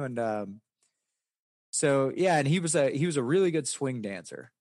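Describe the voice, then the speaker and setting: A man's voice: mid-range voice, animated, a little fast, no room sound, studio quality. A man from West Virginia with a Southern accent, a poker player answering interview questions in a rambling, casual way. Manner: rambling, many restarts and fillers.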